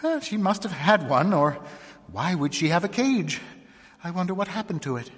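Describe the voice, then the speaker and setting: A man's voice: high-pitched, expressive, moderate pace, long reverb tail, pitched above the performer's own voice. A man reading a story aloud, voicing a nervous sheriff's wife in a thin, hesitant voice. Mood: timid, troubled. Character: timid, nervous farm-country sheriff's wife.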